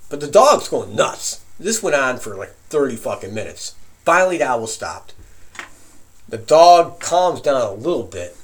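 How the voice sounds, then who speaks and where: In a mid-range voice and at a slightly slow pace, a man tells a profane story around a campfire. He's casual and animated, laughing often as it unfolds.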